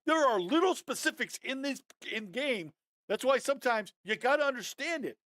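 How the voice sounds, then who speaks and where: A man's voice: very high voice, moderate pace, no room sound, studio quality. Fired-up man breaking down game film. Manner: animated and fired up, apologizing for it; addresses viewers as guys, often adds okay. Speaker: football film analyst.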